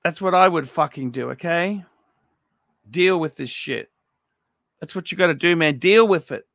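Foul-mouthed gravelly middle-aged man. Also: on the high side, moderate pace, a bit bright, no echo, clean studio sound. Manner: blunt, profane, ranting advice. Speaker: watch collection reviewer. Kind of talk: unscripted paid review monologue.

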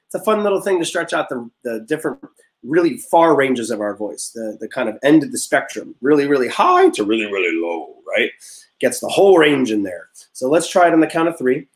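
A young man teaching a music class, leading vocal warm-ups in an upbeat, encouraging way and explaining step by step. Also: mid-range voice, sing-song, a little fast. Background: guitar notes played under the talk.

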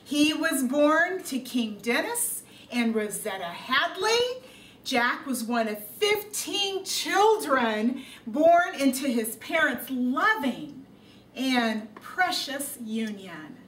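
An earnest first lady, as a woman puts her on, reading a birthday tribute in a high, slow voice. She is heard from afar in a roomy living room. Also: big pitch swings, fairly bright tone, slight background noise, heavily acted. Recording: roomy room sound from a distant camera.

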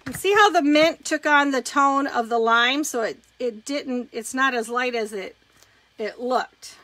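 A woman with a bright, forceful and fairly high voice runs a live craft demo. She talks casually, explaining each step as she works, and keeps up a chatty running commentary. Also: measured pace, no echo. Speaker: craft demonstrator hosting a live stream.

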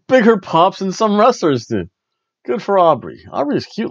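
A man hosting a wrestling review podcast, recapping a show in casual chat and slipping into quick mimicry of wrestlers. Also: high voice, no echo, highs cut off. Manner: animated, mimics wrestlers and announcers in quick asides.

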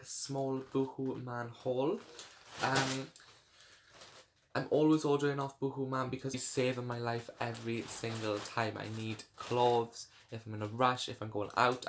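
A man's voice: medium pitch, noisy background. A young man chatting casually through a clothing try-on haul, rambling with lots of fillers. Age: young adult. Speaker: fashion vlogger.

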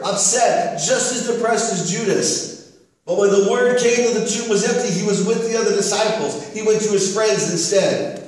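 A male pastor delivers an earnest sermon, leaning on repetition and quick "right?" check-ins. His voice sits a little high for a man. It is picked up from well back in a church hall, where it rings with a heavy echo. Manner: earnest, repeats phrases, asks "right?". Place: church sanctuary. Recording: echoey church hall from far off.

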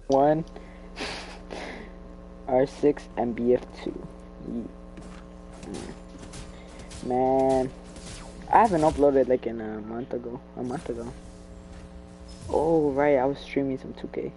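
A man's voice: medium pitch, fairly even intonation, slow, long pauses, mellow, soft background music, poor audio. A young man giving casual gameplay commentary while he streams, laughing often and trash-talking playfully. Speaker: gamer streaming his play.

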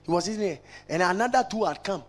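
High-voiced emphatic male preacher. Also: expressive, quick pace, slight background noise, low-quality recording. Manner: emphatic, shifting between shouts and hushed asides; repetitive, rhetorical. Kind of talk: sermon.

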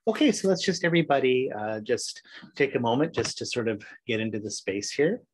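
A man teaching a recorded meditation class, chatting loosely with fillers before reciting a sutra in a steady voice. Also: mid-range voice, brisk, a little hiss or hum, low-quality recording. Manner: relaxed, rambling intro with fillers, then steady recitation. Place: home, recording solo before travel.

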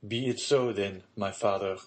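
A man's voice: fairly low pitch, steady tone, moderate pace, close to an everyday voice. A man voicing a devoted young son who speaks earnestly and pleadingly in an audiobook reading.

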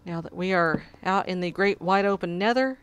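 A woman's voice: fairly low pitch, normal speed, smooth. A woman hosting a casual gameplay video, chatting as she plays and talking to her cat in between. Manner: chatty, talks to her cat while playing. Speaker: let's play host.

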